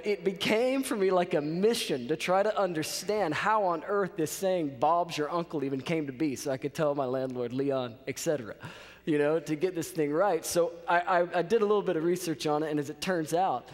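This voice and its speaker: A man in his thirties telling a lively story as a college chapel speaker, often checking in with his audience. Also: fairly high pitch, normal speed. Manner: animated storyteller, checks in with "okay?". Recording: reverberant chapel hall.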